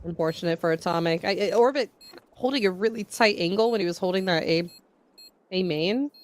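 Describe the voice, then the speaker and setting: A woman's voice: lowish voice, a little fast. A woman giving color commentary on a competitive shooter match with playful, teasing banter. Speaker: esports co-caster. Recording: noisy, with game gunfire behind. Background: game gunfire and clicks.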